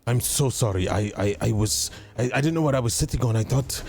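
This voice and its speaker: A man's voice: medium pitch, brisk, darkish tone, breathy edge. A man playing a tabletop role-playing game, talking in stammering, flustered apologies, slipping in and out of character. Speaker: player.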